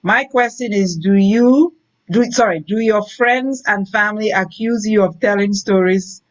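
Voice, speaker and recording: A woman's voice: mid-range voice, unhurried. A woman curator hosts the talk and reads audience questions aloud. Her audio comes through dull and lo-fi, like a video call. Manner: brief affirmations and laughs. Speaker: curator host. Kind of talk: interview hosting, reading audience questions.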